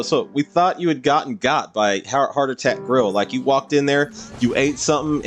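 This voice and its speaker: A man streaming a game live, chatting casually in a rambling storytelling way and often laughing. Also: on the high side.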